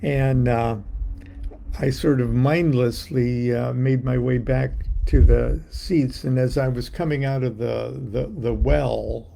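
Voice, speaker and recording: Gravelly-voiced man telling a rambling story. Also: mid-range voice, fairly even intonation, mellow, a little hiss or hum. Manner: rambling, halting, with many fillers and restarts; playful, acting out announcements and voices. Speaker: author telling a personal story. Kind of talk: casual spoken anecdote.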